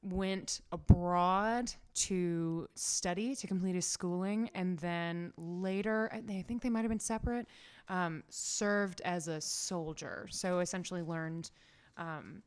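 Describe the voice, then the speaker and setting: A woman's voice: on the low side, slow, darkish tone, clear, resonant tone. A young adult woman co-hosting a podcast, chatting casually and analytically, laughing often. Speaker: podcast co-host. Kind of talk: casual chat.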